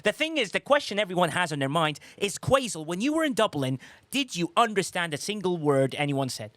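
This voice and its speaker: Male podcast co-host, somewhat high voice, jokey banter, dry close mic with faint music. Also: very animated, brisk, a bit bright, dry recording. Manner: playful, jokey, teasing. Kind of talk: casual podcast chat.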